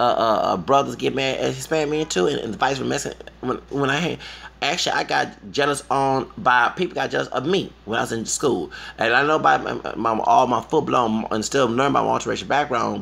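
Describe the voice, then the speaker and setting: A man in a casual vlog rant, emphatic and profane, swinging between low mutters and loud outbursts. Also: gravelly. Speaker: vlogger. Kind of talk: impassioned personal rant. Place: Houston.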